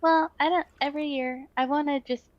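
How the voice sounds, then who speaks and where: A woman's voice: high-pitched, fairly even intonation, brisk. A woman co-hosting a casual chat, who talks in a chatty, reflective way and laughs easily. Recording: dull lo-fi sound.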